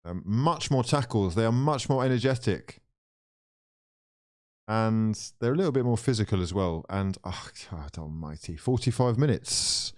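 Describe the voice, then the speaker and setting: A man hosts a live football watchalong, swearing freely and speaking straight to his viewers as he swings between frustration and excitement. His voice is medium-pitched at a moderate pace.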